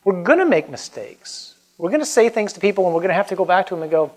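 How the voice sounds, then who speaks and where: A man's voice: high voice, rapid-fire, darkish tone. A man who is a Catholic priest, giving an earnest, emphatic and informal talk that moves into a prayer. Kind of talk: conversational preaching and prayer.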